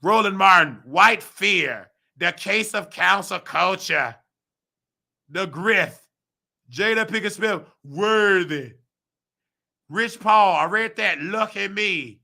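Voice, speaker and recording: A man ranting on his own vlog, heated and preachy, full of slang. His voice sits high and is very sharp and piercing, with a gravelly edge. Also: lively intonation, takes it slowly. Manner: mimics other people's voices in quotes. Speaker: host; nursing assistant.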